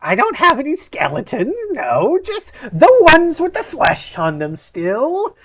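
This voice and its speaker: A woman's voice: high-pitched, wildly swooping pitch, unhurried, a bit bright, voice pushed up, heavily acted. A woman voicing a hunched old hag who sells zombies, with an eager sing-song shopkeeper patter. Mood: wheedling. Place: online voice call.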